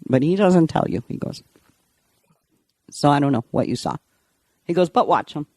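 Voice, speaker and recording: A woman's voice: low-pitched, expressive, moderate pace, dark tone, no room sound. Middle-aged lady chatting as a guest, tells stories and laughs a lot, dry close sound. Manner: chatty, laughs often while telling stories. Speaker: podcast guest. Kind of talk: casual storytelling.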